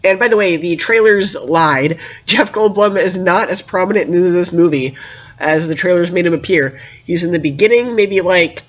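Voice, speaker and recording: A man giving a casual spoken movie review, animated and emphatic, with many fillers. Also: high voice, normal speed, highs cut off.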